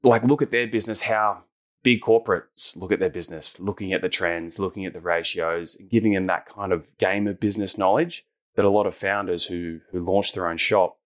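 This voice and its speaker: Easygoing Australian man, low voice. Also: fairly even intonation, brisk. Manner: easygoing, laughs readily. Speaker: guest. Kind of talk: casual interview chat.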